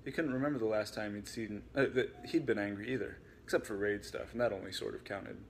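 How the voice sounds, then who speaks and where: A man reading aloud from his own book in a relaxed way, with chatty asides. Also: on the low side, fast, a little hiss or hum.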